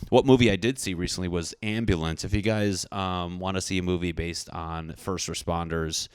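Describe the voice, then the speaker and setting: A man's voice: deep voice, steady tone, normal speed, clean tone, no echo, studio quality. A young man hosting a casual podcast, rambling through jokes and rants in a self-deprecating way. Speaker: podcast host. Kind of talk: casual comedic podcast rant.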